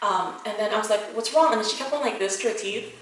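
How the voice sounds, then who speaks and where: A woman's voice: mid-range voice, rapid-fire, a bit bright. A woman vlogger telling a storytime vlog in a chatty way, full of fillers. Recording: echoey room, distant mic, faint music.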